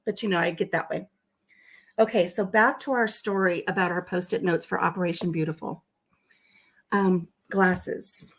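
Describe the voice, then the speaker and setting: A woman hosting a live stream in casual chat. She reads out viewer comments, answers them, and tells a story with soft asides. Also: lowish voice, steady tone, normal speed, breathy edge.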